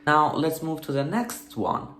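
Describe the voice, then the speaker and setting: A man's voice: fairly high pitch, animated, unhurried, fairly bright tone. A man teaching a language lesson, explaining grammar rules patiently, step by step, and asking rhetorical questions. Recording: echoey room with faint hum.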